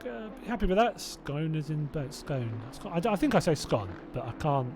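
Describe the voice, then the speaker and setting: A man's voice: fairly high pitch, very animated, brisk, noisy background. A man from Hertfordshire with a southern English accent commentating a sim race live, chatting and rambling with viewers between calls. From Hertfordshire, England. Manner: chatty and rambling, self-doubting asides, laughing to himself.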